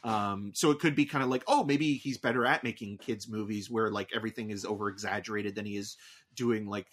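A man's voice: on the low side, steady tone, a little fast, breathy edge. A man co-hosting a podcast, talking in a casual, enthusiastic, rambling way with lots of fillers. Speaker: podcast co-host. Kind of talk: casual chat.

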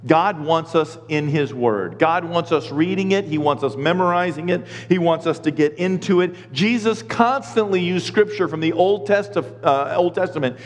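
A middle-aged pastor preaches with a lively, acted-out delivery, slipping into the voices of the people and of God in his stories. His voice sits a bit high for a man. The sermon rings with the long reverb of a church hall. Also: normal speed, hardly any pauses.

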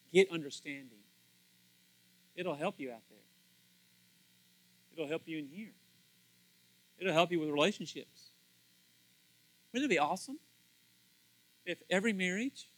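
A male pastor preaching a sermon in an animated, conversational way, often repeating words and acting out what others say. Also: on the high side, low-quality recording.

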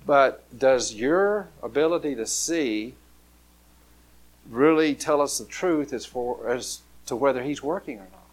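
A man's voice: medium pitch, moderate pace. A man preaching a conversational sermon, full of restarts and repeated words. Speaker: pastor.

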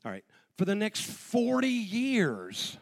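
A man in his forties sharing a personal testimony, an animated storyteller who acts out the voices of the people in his story. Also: high-pitched, slow. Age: 40s.

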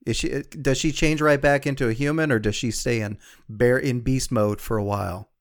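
A man player making deadpan jokes in casual tabletop game talk. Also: medium pitch, moderate pace, no echo, clean studio sound.

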